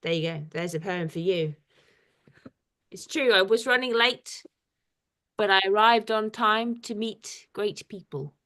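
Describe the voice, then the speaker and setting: A woman's voice: mid-range voice, a little slow, pauses often, fairly bright tone. A woman artist leading an informal poetry workshop over a video call, chatty and hesitant, with lots of ums. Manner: chatty, hesitant with many fillers.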